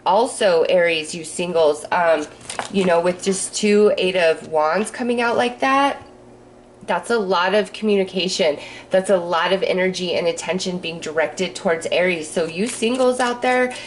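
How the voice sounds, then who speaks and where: A woman talks through a tarot reading in a loose, chatty way, looping back on herself and filling pauses. Her voice sits a little on the low side. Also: slight background noise. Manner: chatty, rambling, full of fillers. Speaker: tarot reader. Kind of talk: casual tarot reading monologue.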